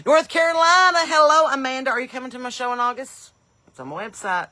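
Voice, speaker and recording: A woman hosts a live stream in an easy, chatty way. Her voice is bright and forward, and she calls out viewers' places with eager, loud bursts before talking on casually. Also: sits high, fast, slight background noise. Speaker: comedian and podcast host.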